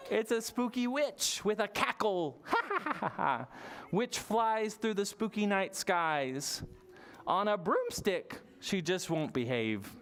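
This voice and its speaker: A library storytime leader reading a picture book aloud to toddlers, playful and animated, with gasps and silly sounds. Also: medium pitch, slow, slight background noise. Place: public library storytime session.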